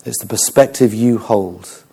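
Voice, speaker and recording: A man preaching a sermon, moving between humour and hushed, serious storytelling. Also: on the low side, measured pace, gravelly, slightly rough. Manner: animated, humorous preaching with dramatic quiet passages.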